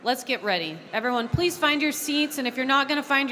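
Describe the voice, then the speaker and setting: A woman chairing a large convention from the podium, keeping a noisy crowd in order with a firm, brisk manner. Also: high-pitched, expressive, bright, forceful tone. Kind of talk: running a convention floor. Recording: long hall reverb.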